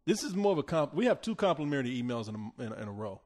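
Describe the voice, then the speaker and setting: A man's voice: mid-range voice, very fast. A man hosting a casual podcast, chatting and telling stories with lots of swearing and laughter. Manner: profane, laughing, animated storytelling. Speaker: podcast host.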